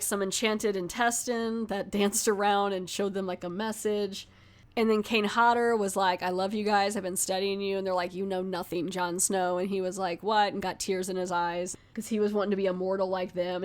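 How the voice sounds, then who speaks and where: Woman podcast host, mid-pitch, chatty and rambly, dry sarcastic asides. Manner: rambling, chatty, lots of "like" fillers. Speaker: podcast host reviewing a film. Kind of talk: casual spoiler-heavy movie recap.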